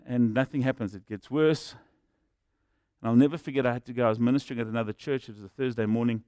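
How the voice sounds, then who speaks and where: A middle-aged man preaching a sermon, telling stories that swing from hushed to shouting. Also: mid-range voice, steady tone, quick pace, smooth, dry recording. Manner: storytelling, swings from quiet to shouting. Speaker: pastor.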